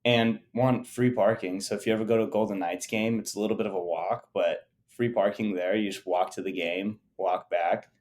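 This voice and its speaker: A man's voice: on the low side, steady tone, moderate pace, hardly any pauses, a little mellow. A man co-hosting a podcast, chatting in an easygoing, friendly way. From Las Vegas area. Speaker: podcast co-host. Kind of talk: casual chat.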